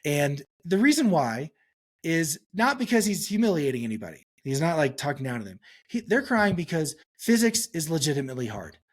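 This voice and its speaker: Animated man telling stories on a podcast. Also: brisk, slightly rough. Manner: animated storytelling, acts out quotes with pitch jumps. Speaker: psychologist guest. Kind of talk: podcast interview answer.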